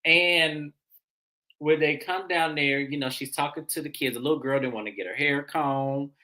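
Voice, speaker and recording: A woman hosting a casual TV recap, telling the scenes with lively, animated delivery. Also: very deep voice. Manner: animated storyteller, acts out the people she describes. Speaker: recap show host.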